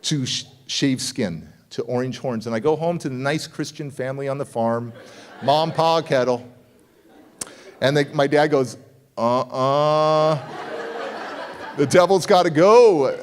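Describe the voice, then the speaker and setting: A middle-aged man, a motivational speaker, telling a story on stage, animated and jumping into quoted voices. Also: unhurried. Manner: animated, acts out quoted voices with big pitch jumps. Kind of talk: energetic storytelling keynote. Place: conference hall stage.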